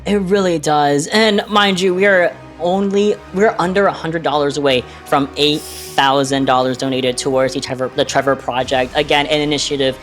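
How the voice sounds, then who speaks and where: An excitable esports caster, gushing through live game commentary with faint music behind. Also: mid-range voice, normal speed, few pauses.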